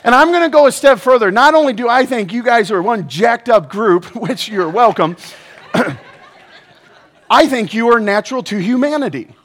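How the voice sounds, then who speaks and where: A man preaching a sermon to a live audience, energetic and joking, often asking the crowd questions. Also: very high voice, normal speed. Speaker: pastor.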